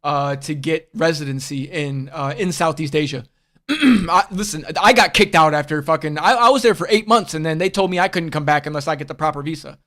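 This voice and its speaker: High-voiced, rambling, profane man podcasting. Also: brisk, a bit bright. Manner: rambling, profane, blunt, calls listeners bud and bro. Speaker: podcast host. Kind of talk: casual livestream podcast chat.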